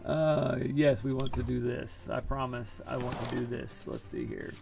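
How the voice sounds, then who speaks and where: Gravelly man streaming a card game. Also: mid-range voice, normal speed, over music. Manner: chatty, self-deprecating, groaning at bad luck. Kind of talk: casual live-stream commentary.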